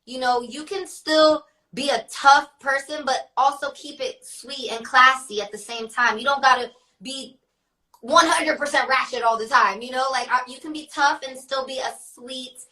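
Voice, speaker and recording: A woman's voice: high voice, normal speed, sharp tone, recorded from a distance, rough recording. A young woman talking casually as an interview guest, chatty and full of "like" fillers, often laughing. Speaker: guest, rapper.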